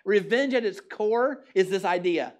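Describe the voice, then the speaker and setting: A pastor delivers a lively, forceful sermon at a church service that's also streamed online, frequently posing questions to his listeners. His voice sits at a medium pitch and moves at a measured pace.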